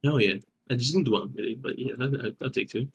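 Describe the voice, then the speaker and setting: A man's voice: medium pitch, fast talker, breathy edge. A man playing a tabletop game over an online call, joking and swearing casually as he plans his spells. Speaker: player.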